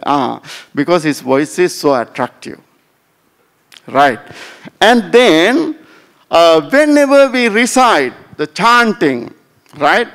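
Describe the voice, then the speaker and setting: A Sri Lankan-accented man in his fifties teaches a Buddhist study class and keeps checking that listeners follow. His voice is fairly high and swings widely in pitch. He speaks in an unhurried way. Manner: explanatory, often checks in with "right?" and "huh?". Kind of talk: Dhamma talk to a class.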